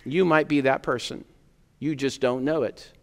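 A man preaching a sermon as pastor to his congregation, earnestly building emphatic points and then dropping to a quiet tone. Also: mid-range voice, fairly even intonation, normal speed. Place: church sanctuary. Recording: long hall reverb.

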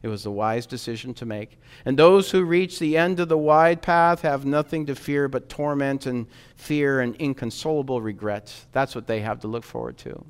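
A man preaching a sermon in an earnest, urging way, rising in emphasis and dropping low again. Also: moderate pace, hardly any pauses, clean tone.

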